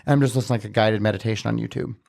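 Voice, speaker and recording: A man's voice: lowish voice, fairly even intonation, very fast, gravelly, darkish tone. A man talking as a podcast guest, telling a personal story casually and earnestly, with many filler words. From Southern Utah, USA.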